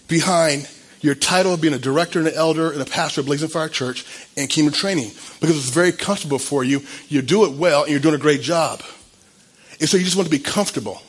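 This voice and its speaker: A man's voice: on the high side, brisk, slightly rough. A man in his fifties, a church pastor, gives an earnest and emotional sermon, stumbling and restarting as he tells his own story.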